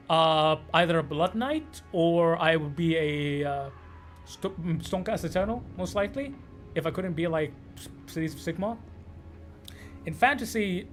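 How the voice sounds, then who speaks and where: A man's voice: sits high, a bit bright. A man from Canada giving loose, sweary, rambling commentary while streaming a game. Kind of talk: casual gameplay commentary.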